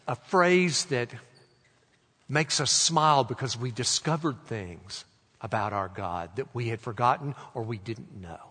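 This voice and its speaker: A man preaching a sermon in a slow, deliberate way, stretching out quoted phrases and letting them fall soft. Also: mid-range voice. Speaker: pastor. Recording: long hall reverb.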